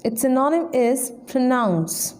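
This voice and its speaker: Slow, mellow woman teaching vocabulary. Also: high-pitched, lively intonation. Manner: slow, deliberate word-by-word explanation. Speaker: English trainer. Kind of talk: vocabulary lesson.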